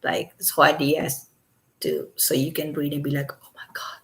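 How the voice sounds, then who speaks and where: Deep-voiced and with little movement in pitch, a Los Angeles woman reads a court filing at a moderate pace at home. She interjects sarcastic, disbelieving comments, occasionally in a whisper.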